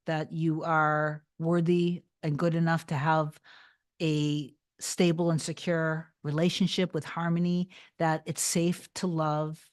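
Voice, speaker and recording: Chatty woman with a lowish voice, rambling. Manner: chatty, rambling, with many restarts and fillers; soft and reassuring. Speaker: manifestation coach answering live chat. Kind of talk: casual livestream chat.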